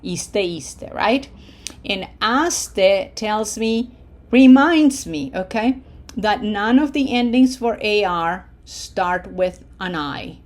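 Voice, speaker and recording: A woman teaching a language lesson, modeling words slowly for repetition and checking in with frequent "okay?". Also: medium pitch, animated. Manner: patient, drawn-out model phrases for repetition. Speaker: Spanish teacher. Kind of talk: slow pronunciation lesson.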